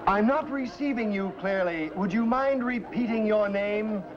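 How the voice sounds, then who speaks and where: A man's voice: high voice, a little slow, heavy background noise. A man playing a solemn, theatrical seance leader in a 1950s sitcom. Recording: dull 1950s TV soundtrack with music.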